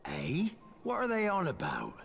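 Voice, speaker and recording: A gravelly sneering thug. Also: male voice, sits high, wildly swooping pitch, measured pace, a bit bright, faint music behind, full character voice. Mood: puzzled. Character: menacing male street thug, bullying. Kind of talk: video game cutscene voice acting.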